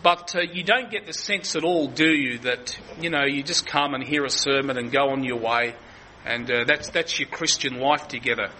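A man's voice: medium pitch, normal speed, sharp tone, slight background noise, low-quality recording. A man preaching an earnest expository sermon, often restarting his sentences.

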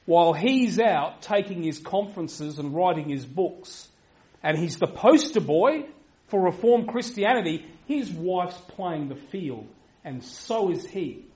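A man preaching a sermon emphatically, repeating himself for weight and swinging from loud to quiet. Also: sits high, animated, unhurried, poor audio. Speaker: pastor.

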